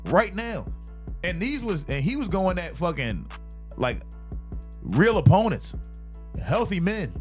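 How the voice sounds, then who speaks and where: High-voiced animated comic ranting. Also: male voice, a little slow, pauses often, soft background music. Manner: animated, profane, laughs often. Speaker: comedian and podcast host. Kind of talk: casual comedic rant.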